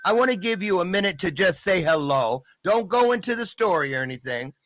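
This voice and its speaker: A man's voice: high voice, expressive, brisk, a crowd in the background. A man hosting an online talk show, playful and rambling, thinking aloud as he sets things up. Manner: playful, rambling, talks to himself. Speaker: show host. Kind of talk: casual interview chat.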